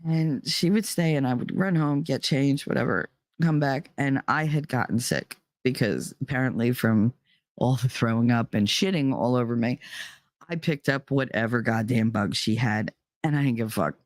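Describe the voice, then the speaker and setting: Blunt, profane woman with a low voice. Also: moderate pace, no echo, clean studio sound. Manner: blunt and profane, emphatic retelling. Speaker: podcast host. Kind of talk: personal storytelling.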